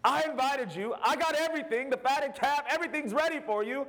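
God as a pleading host, as a preacher puts him on. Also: male voice, extremely high pitch, brisk, fairly bright tone, voice pushed up, poor audio. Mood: pleading, indignant. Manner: urgent and insistent.

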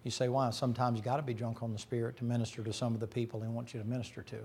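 A middle-aged man preaching a folksy, joking sermon that climbs to loud, shouting peaks. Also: mid-range voice, little pitch movement, very fast. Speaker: pastor.

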